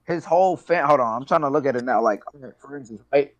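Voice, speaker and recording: A man friend in casual chat on a stream, slangy and quick with interjections. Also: mid-range voice, dry recording.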